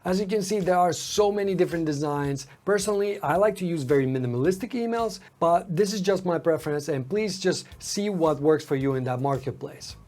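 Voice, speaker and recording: A man walking viewers through an email design tutorial on his screen, explaining calmly and pausing on fillers. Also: a little high. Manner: relaxed, explanatory, with frequent "uh" fillers. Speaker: online marketing tutor.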